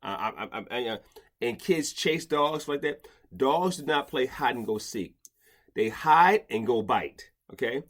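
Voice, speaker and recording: A man's voice: mid-range voice, animated, a little slow, a bit bright. A man hosting a casual podcast chat, talking in rambling bursts with many restarts and stammers. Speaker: podcast host, dog behavior expert.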